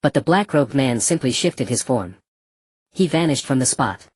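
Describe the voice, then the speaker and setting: An audiobook narrator reading a fantasy novel in an even, measured storytelling manner. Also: medium pitch, slightly rough, dry recording.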